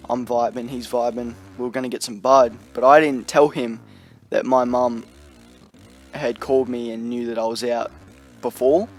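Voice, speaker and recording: A man's voice: medium pitch, fairly even intonation, moderate pace. A young man telling a story in a loose, rambling storytime vlog, full of slang and fillers. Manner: rambling, slangy, lots of "you know" and "like". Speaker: vlogger.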